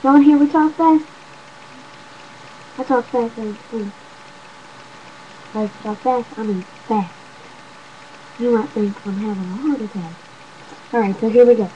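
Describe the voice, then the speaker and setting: A woman's voice: on the high side, unhurried, pauses often. A young woman chatting casually to her webcam at home, rambling and talking to viewers as y'all. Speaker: vlogger. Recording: dull lo-fi webcam audio with faint noise.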